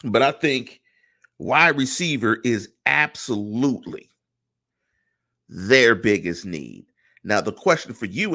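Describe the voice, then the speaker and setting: A man's voice: fairly low pitch, pushed and bright. A middle-aged man hosting a solo sports podcast, talking through his opinions and putting rhetorical questions to his listeners. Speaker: podcast host.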